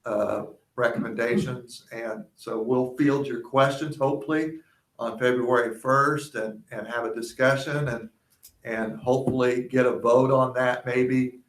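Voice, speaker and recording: A man giving a superintendent's report at a school board meeting, speaking haltingly with frequent fillers. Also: medium pitch, fairly even intonation. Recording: echoey meeting room.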